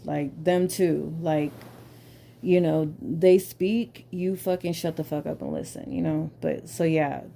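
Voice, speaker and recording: A woman's voice: low-pitched, steady tone, unhurried, creaky, warm tone, slight background noise. A woman hosting a podcast, talking candidly and casually with lots of swearing and filler words. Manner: candid, profane, filler-heavy. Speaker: podcast host. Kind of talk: casual chat.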